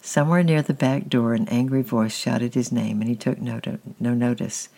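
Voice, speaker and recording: A man narrating a storybook with a calm, steady reading. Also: mid-range voice, moderate pace, creaky.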